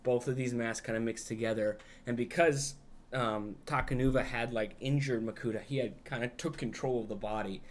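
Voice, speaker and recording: A man's voice: mid-range voice, steady tone, moderate pace. A young adult man, a podcast co-host, recapping a film in a rambling, casual way, peppered with "like" and swearing.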